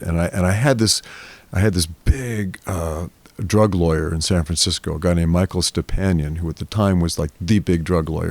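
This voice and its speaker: An older man, a guest on a podcast interview, telling a long story in a lively way and acting out the voices of the people in it. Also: low-pitched, creaky, no echo.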